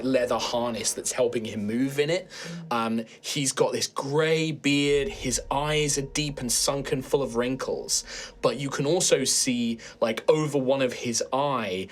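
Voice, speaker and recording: A man running a tabletop game as game master, narrating at length with many fillers. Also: mid-range voice. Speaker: dungeon master.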